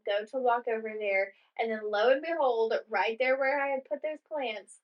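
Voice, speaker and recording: A woman co-hosts a casual chat podcast and tells a rambling story, full of "like" and acted-out quotes. Her voice sits fairly high. The recording sounds dull and muffled. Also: normal speed. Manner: rambling storyteller, heavy use of "like", acts out quoted lines. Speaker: podcast co-host.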